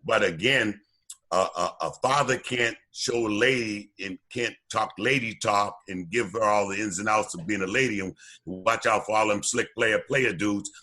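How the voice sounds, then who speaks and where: A low-pitched man tells stories in a radio interview, his voice bright and forward with a husky edge. He is animated and often stumbles over repeated words before getting going. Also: moderate pace. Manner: animated storyteller, repeats words when starting sentences. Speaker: documentary co-producer and former youth coach.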